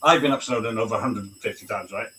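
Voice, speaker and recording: This is the same veteran guest chatting over video, though here his voice sits lower and moves quickly, sounding pushed and bright. He stays blunt and open, curses a lot, and tags on "right?" again and again, all through a distant mic with slight background noise.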